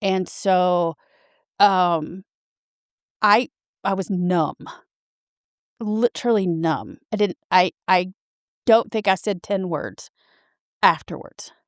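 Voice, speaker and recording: Earnest, halting woman in her fifties. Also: fairly low pitch, no room sound, clean studio sound. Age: 50s. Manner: earnest, halting, with frequent restarts. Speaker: podcast guest sharing her story. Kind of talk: personal storytelling.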